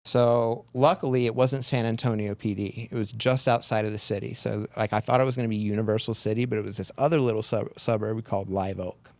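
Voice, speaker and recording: Low-voiced man telling a rambling story. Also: fairly even intonation, brisk, hardly any pauses, a little mellow, no room sound. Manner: rambling, filler-heavy retelling with lots of "like". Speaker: podcast guest. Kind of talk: casual storytelling.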